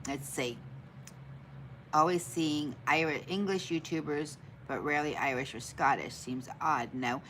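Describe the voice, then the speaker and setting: A woman with a low voice chats casually on her live stream, greeting viewers by name and answering their comments. She pokes fun at herself when she forgets things, and a faint hiss of noise sits under her voice. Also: slow, pauses often, fairly bright tone, poor audio. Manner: self-deprecating, laughs at her own forgetfulness. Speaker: livestream host.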